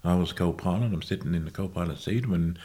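Man, very low voice, interview guest; slow, halting storytelling that keeps correcting itself. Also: warm tone. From Australia. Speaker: guest musician.

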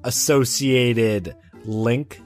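A man's voice: mid-range voice, fairly even intonation, drawn-out words, faint music behind. A man co-hosting a podcast, joking around with mock-aggressive threats and swearing. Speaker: podcast co-host. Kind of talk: casual banter.

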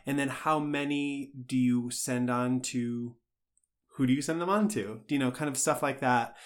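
A man hosts a casual interview, asking long, rambling questions that circle around before landing. His voice sits at an ordinary middle pitch. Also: fairly even intonation, moderate pace. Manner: rambling, searching questions with fillers.

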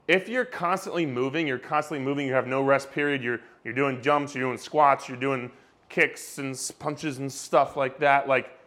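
A man's voice: mid-range voice, moderate pace, pushed and bright. A young man, a fitness coach, talking emphatically straight to camera, repeating himself and swearing casually. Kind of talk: direct-to-camera fitness rant.

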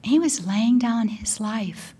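An older woman giving an emotional spoken testimony, preaching at times in a near whisper, with a husky voice. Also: fairly high pitch, expressive, slow pace, mellow. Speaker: Catholic speaker and broadcaster. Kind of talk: sermon.

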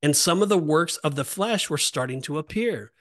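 Emphatic preaching man, fairly high voice. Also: lively intonation, moderate pace, fairly bright tone. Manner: emphatic, repetitive, rising on exhortations. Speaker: podcast host. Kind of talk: preaching Bible teaching.

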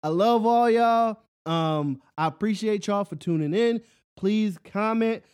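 A man with a very high voice hosts his own show and rants in a loose, rambling way. He keeps asking if you follow him and often laughs at his own jokes. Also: a little slow, clean tone. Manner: rambling, animated, repeats "you know what I'm saying". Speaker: podcast host. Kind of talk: solo casual rant.

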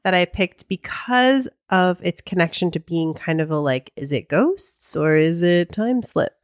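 Low-voiced woman reading aloud. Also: lively intonation, measured pace, dry recording, studio quality. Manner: reads listener accounts aloud, hedging with light laughs. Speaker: podcast co-host. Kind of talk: casual chat, reading a story aloud.

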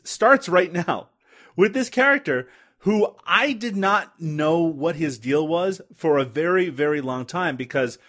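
Giggly, lively-voiced man reviewing movies. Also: a little high. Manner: laughs often, swears, jokey. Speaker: movie review podcast co-host. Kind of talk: casual movie commentary chat.

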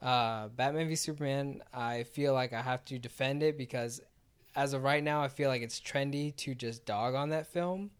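A man's voice: medium pitch, moderate pace, clear, resonant tone. A man chatting casually about films, rambling and filling his talk with "like". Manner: rambling, heavy use of "like". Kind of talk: casual chat.

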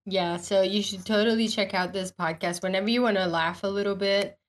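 A woman's voice: mid-range voice, fairly even intonation, a little fast. A woman hosting a casual online group chat, chatty and a little hesitant. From Italy. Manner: chatty, hesitant, laughs easily. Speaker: host.

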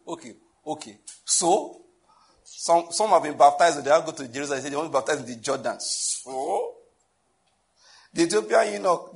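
A Nigerian pastor preaching a sermon in a conversational, humorous way, often asking the listeners questions. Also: male voice, medium pitch.

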